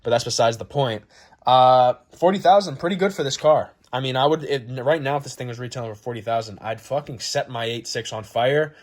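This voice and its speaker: A man in his twenties hosting a casual car review vlog, rambling and excitable, swearing freely. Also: medium pitch, fast, few pauses. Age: 20s. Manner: profane, excitable, rambling enthusiasm. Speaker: car channel host.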